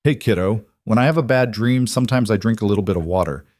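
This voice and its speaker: Quiet protective mafia boss, played by a man: calm, low, unhurried. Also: no echo, clean studio sound, natural voice.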